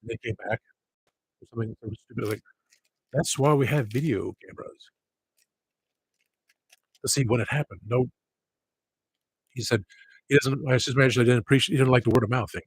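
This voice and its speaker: A man's voice: mid-range voice, fairly even intonation, quick pace, pauses often, husky, poor audio. A man chatting casually on a livestream, rambling from one thing to the next and grumbling about people.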